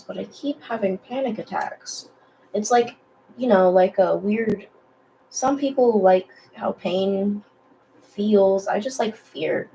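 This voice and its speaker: A young woman talks slowly while she draws, rambling and self-deprecating, with plenty of fillers. She speaks in a low morning voice at a medium pitch. A faint hiss sits behind her. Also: creaky, mellow, rough recording. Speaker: digital artist vlogger. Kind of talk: casual chat while drawing.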